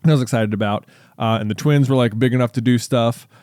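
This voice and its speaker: A man's voice: mid-range voice, fairly even intonation, fast talker, a little mellow, no echo, clean studio sound. A man in his thirties co-hosting a podcast, telling stories in an easygoing casual way with fillers. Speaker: podcast co-host. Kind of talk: casual chat.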